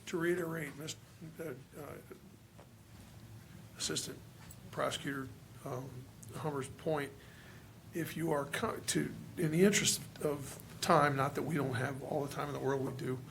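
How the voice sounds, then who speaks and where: Frustrated commissioner with a gravelly voice. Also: male voice, fairly high pitch, fairly even intonation, fairly bright tone, slight background noise. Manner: frustrated, halting, many restarts. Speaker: county commissioner. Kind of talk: public hearing remarks. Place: hearing room.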